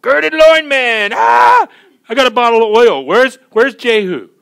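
A man voicing a frantic, wild-eyed male prophet who talks in shrill, breathless, urgent bursts. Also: animated, unhurried, vocal fry, fairly bright tone, smooth, exaggerated voice.

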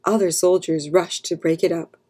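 A woman narrating an abridged classic play as a calm, steady read-aloud story for children. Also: lowish voice, normal speed, slightly rough. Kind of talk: scripted narration.

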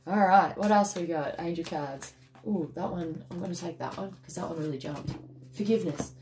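Aussie woman doing a casual tarot reading, kinda low voice, chatty and blunt, lots of "okay?" and a bit of swearing. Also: normal speed, darkish tone, slight background noise. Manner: chatty and emphatic, mild swearing, tags lines with "okay?". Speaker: tarot card reader.

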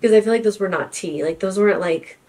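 A woman's voice: medium pitch, fast talker, darkish tone, far from the mic, poor audio. A young woman hosting a podcast, chatting casually and filling her talk with "like" and "literally.". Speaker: podcast host. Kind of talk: casual chat.

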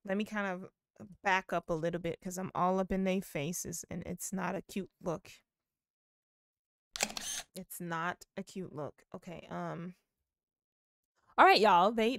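A young woman giving excited, gushing commentary while playing a life-sim video game. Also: medium pitch. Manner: excitable, gushing, squeals with delight. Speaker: gaming video host. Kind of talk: casual gameplay commentary.

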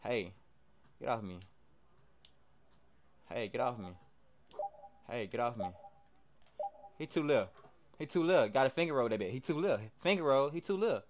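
Speaking at a moderate pace with long pauses in a medium-pitched voice, a young livestreamer provides live commentary on his basketball video game. He talks to viewers, reacts loudly to plays, and trash-talks opponents animatedly.

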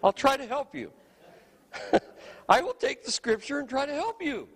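Middle-aged man, pastor's sermon, high voice, wildly swooping pitch, emphatic, unhurried. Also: very animated, long reverb tail. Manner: emphatic preaching, repeats "you know what?", swings from loud highs to soft lows.

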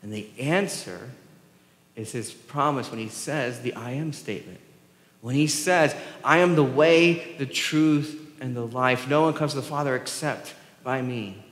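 A pastor with a Southern US accent giving a sermon, joking about himself and asking the congregation rhetorical questions. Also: male voice, mid-range voice, a little slow, a bit bright. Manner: self-deprecating, joking with the congregation; asks the crowd rhetorical questions. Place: church sanctuary. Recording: echoey church hall with long reverb.

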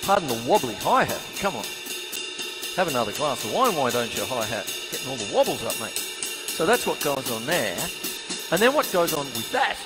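Jokey man, drum teacher on a venue stage, lively up-and-down delivery, loud drum kit behind. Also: medium pitch, normal speed, in a large hall, loud music behind the voice. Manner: chatty and jokey, laughs often. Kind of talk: casual drum lesson demonstration. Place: music venue theatre stage.

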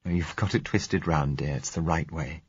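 A man doing a soft-spoken, tender young man. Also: very deep voice, moderate pace, breathy edge, no room sound, highs cut off. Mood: coaxing. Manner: soft, gently coaxing.

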